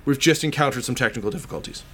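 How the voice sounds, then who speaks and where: A man's voice: mid-range voice, rapid-fire, husky, natural voice. A man voicing a nervous, evasive male meat plant worker who stammers and keeps insisting everything is fine. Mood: defensive. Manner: stammering, jittery, overly reassuring.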